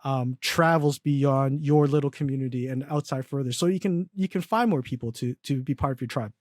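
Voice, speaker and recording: A man's voice: mid-range voice, brisk, dry recording, clean studio sound. A young man talking casually as a podcast guest, rambling with lots of fillers and restarts and laughing at his own stories. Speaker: podcast guest, agency founder. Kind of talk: casual interview chat.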